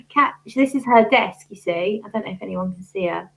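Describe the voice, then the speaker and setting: A woman's voice: a little high, animated, normal speed, vocal fry, a bit bright, low-quality recording. A woman hosting a casual livestream chat from her home desk, talking in a chatty, hesitant way with many fillers. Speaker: fragrance channel host. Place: home desk working-from-home setup.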